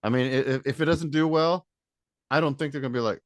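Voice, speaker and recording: A man's voice: a little high, quick pace, no room sound, clean studio sound. A man from Michigan, a band member guest, talking in a laid-back, rambling way in a casual interview.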